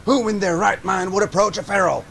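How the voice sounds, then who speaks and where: A man's voice: high-pitched, a little fast, creaky, fairly bright tone, a little hiss or hum. An actor playing a condescending male scientist with a Russian-sounding accent, sneering at and scolding his assistant.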